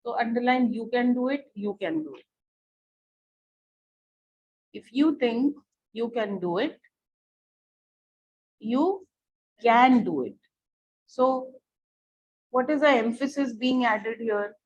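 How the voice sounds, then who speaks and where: A woman with an Indian English accent teaching an online English class, repeating each phrase slowly for students to underline. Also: on the high side, a little hiss or hum. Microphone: computer or headset mic on a video call. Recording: dull lo-fi online call audio.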